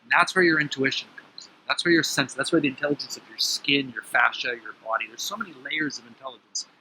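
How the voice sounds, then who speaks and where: Bright-voiced man telling an animated story. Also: mid-range voice, fast talker, slight background noise, low-quality recording. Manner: animated, acts out quoted dialogue. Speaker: interview guest. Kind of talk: conversational storytelling. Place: outdoor terrace at his home.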